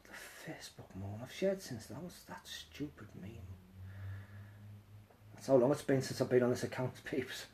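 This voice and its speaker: A hoarse, croaky man, hosting a casual live stream where he sings loudly and mumbles low asides. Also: background noise. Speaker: live streamer singing with guitar.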